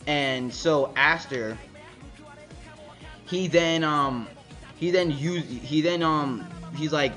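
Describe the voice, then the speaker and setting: A man's voice: fairly high pitch, takes it slowly, pauses often, a bit bright, faint music behind. A man casually recapping a comic chapter, rambling with many fillers and restarts. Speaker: manga reviewer.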